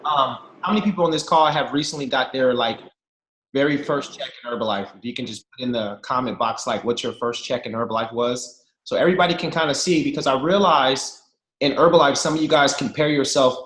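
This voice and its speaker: A man's voice: medium pitch, fairly quick. A man in his thirties telling jokey, slangy stories to a team on a video call and talking straight to his listeners. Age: 30s. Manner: lively, slangy, jokey, addresses listeners directly. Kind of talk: animated storytelling to a group. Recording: echoey room over a video call.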